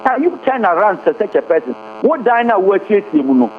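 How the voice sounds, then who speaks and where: A man delivers fervent political commentary as a radio guest, hopping between Twi and English and stacking up rhetorical questions. His voice sits high for a man. It comes through a thin, phone-like line with a faint hum underneath. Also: very animated, fast talker.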